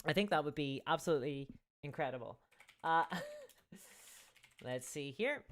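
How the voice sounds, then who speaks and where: Woman, very low voice, live-stream host, casual rambling chat, restarts often. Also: lively intonation, measured pace. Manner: rambling, with frequent restarts and fillers; reads out and thanks viewer donations.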